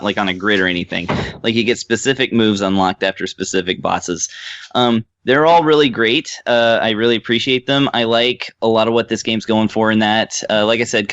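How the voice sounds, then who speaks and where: A man's voice: fairly low pitch, fairly bright tone, no room sound, muffled recording. A man co-hosting a podcast, chatting casually about a game he reviewed, rambling with lots of fillers. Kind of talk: casual chat.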